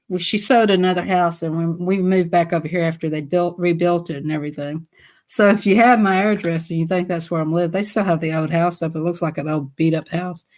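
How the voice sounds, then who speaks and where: Chatty woman telling stories. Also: lowish voice. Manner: chatty, laughs often, acts out voices. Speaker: live stream host. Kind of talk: casual storytelling.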